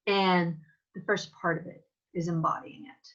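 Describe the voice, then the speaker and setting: Slow-speaking, bright-voiced woman teacher. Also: lowish voice, level tone, highs cut off. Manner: thoughtful, many filler pauses. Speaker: drama teacher. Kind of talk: casual acting lesson.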